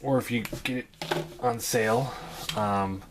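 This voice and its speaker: A man casually reviewing a toy on a home vlog, talking in a hesitant, relaxed way full of ums and uhs. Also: mid-range voice, a little slow, background noise.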